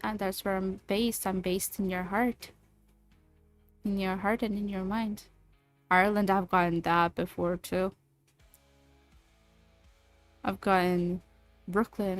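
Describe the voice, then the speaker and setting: Playful woman streamer, faint music behind. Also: medium pitch. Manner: playful, teasing, lots of laughs. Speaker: livestreamer chatting with viewers. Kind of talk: casual livestream chat.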